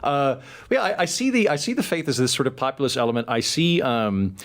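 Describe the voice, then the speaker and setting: A man hosting a podcast, chatting casually in a quick, self-deprecating way. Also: mid-range voice, sing-song. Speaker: podcast host. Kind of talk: casual conversation.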